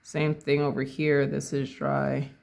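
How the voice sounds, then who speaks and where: Mellow, gravelly painting tutor. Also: mid-range voice, unhurried. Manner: calm, thinks aloud, corrects own words mid-phrase. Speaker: painting instructor. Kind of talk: casual step-by-step painting tutorial.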